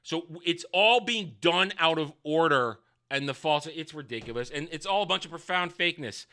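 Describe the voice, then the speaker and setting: Sarcastic man ranting in a bright voice. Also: on the high side, expressive, normal speed. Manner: sarcastic, rambling, swings from loud to mumbling. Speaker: online show reviewer. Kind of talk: casual ranting review.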